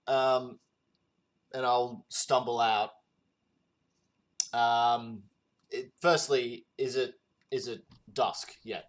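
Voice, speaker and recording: A man's voice: mid-range voice, fairly even intonation, drawn-out words, pauses often. A man playing a tabletop role-play game, speaking in a hesitant, groggy, filler-heavy way. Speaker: player.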